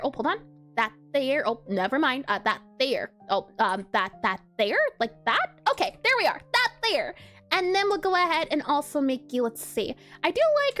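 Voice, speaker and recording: A bubbly woman chats casually with her live-stream viewers as she works on pixel art. Her voice is very high and swoops up and down, and she laughs easily. Soft music plays faintly in the background. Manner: bubbly, chatty, laughs often, reacts to chat. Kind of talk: casual live-stream chat while drawing.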